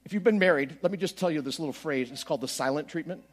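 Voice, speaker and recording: A middle-aged male pastor preaching a story-filled sermon, swinging from quiet asides to loud bursts as he acts out his own prayers. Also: on the high side, racing.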